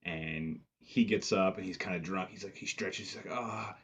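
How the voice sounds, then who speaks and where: Low, husky-voiced man; loose, profane, filler-heavy reviewer recap. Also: fairly even intonation, moderate pace, fairly bright tone, highs cut off. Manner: profane, rambling, lots of "like" fillers. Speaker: movie reviewer. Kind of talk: casual film review recap.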